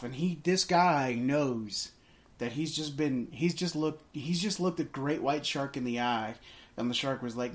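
A man's voice: medium pitch, moderate pace. Rambling man chatting about a film. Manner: rambling with many restarts. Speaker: podcast co-host. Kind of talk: casual movie chat.

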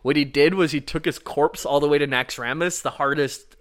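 A man's voice: a little high, steady tone, fairly quick, fairly bright tone. A man on a podcast casually explaining video game lore, rambling with lots of fillers and the odd swear. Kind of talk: casual chat.

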